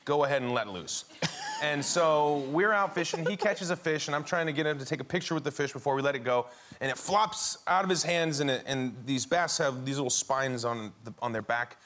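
Male talk show guest, animated storyteller, slightly high voice, noisy studio sound. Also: a little fast. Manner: animated storyteller, laughing often. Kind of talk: chat show anecdote. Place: TV studio with audience.

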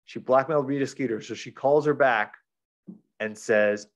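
A man's voice: mid-range voice, moderate pace. A man retelling a book plot in casual chat as a podcast reviewer, rambling with lots of fillers.

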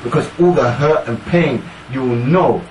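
A man's voice: medium pitch, moderate pace. Emphatic man in a roomy, distant recording. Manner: emphatic, repeats "yeah?" to the listener. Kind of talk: casual discussion. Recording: roomy, distant mic, faint noise.

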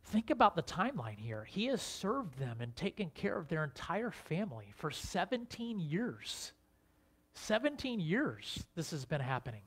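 A man's voice: a little high, very animated, normal speed, slightly rough. A man, a pastor, preaching a conversational sermon, asking his listeners rhetorical questions and restarting his phrases.

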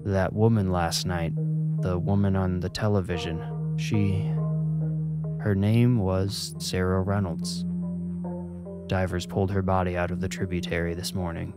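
A guy doing a gruff old man, stern and halting, low voice. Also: flat delivery. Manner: gruff, faltering. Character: stern elderly foster father. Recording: music playing behind.

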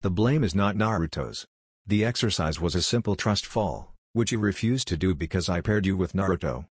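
A man's voice: sits low, animated, moderate pace, slightly rough, no echo, studio quality. A man reading the lines of a tired, stern adult ninja teacher in a story.

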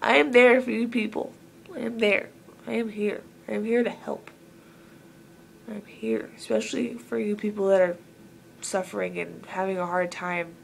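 A woman's voice: medium pitch, fairly even intonation, moderate pace, creaky, slight background noise. A woman from Southern Oregon talking casually to camera in an earnest, rambling way, full of filler words. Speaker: vlogger.

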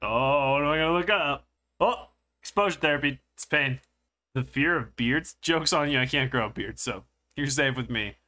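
A young man hosting a joking comedic commentary video, playful and jokey, often jumping into high squealing exclamations. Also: moderate pace, pushed and bright. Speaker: streamer and video host.

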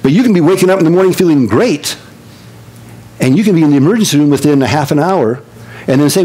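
An older man preaching a sermon as pastor, telling stories with lively swings from excited high tones to low hushed earnestness. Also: fast, slightly rough, poor audio.

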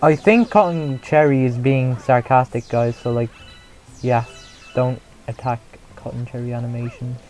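A young man chatting casually while streaming a game, mocking his own play, reacting out loud and laughing often. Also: medium pitch, fairly even intonation, moderate pace, faint music behind, low-quality recording. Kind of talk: casual live gameplay commentary.

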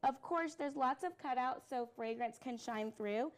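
A woman's voice: high voice, a little slow. A woman co-hosting a live product stream, presenting items in an upbeat, enthusiastic way. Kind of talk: casual live product demo.

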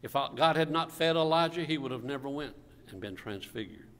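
A man's voice: medium pitch, animated, a little fast, a bit bright. A man pastor preaching a sermon, firing rhetorical questions at the congregation and calling for amens, with a cough now and then. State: coughing at times. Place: church sanctuary. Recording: church hall reverb.

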